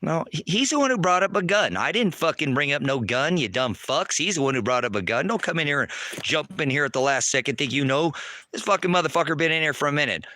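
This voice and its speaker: A man ranting angrily on a livestream from outdoors at a rural homestead, taunting and cursing, often shouting. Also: mid-range voice, expressive, quick pace, dry recording. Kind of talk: angry livestream rant.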